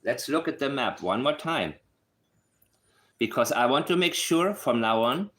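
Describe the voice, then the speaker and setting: A man's voice: mid-range voice, expressive, measured pace, a bit bright. Sarcastic man with a non-native accent. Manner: sarcastic and emphatic, repeats points for stress. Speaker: true-crime commentator. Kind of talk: casual case analysis to camera.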